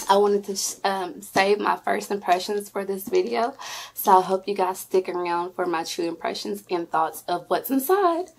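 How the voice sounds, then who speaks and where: Gushing woman with a gravelly edge. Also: mid-range voice, a little hiss or hum. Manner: effusive, squeals with delight, chatty. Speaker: beauty vlogger. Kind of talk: excited unboxing vlog.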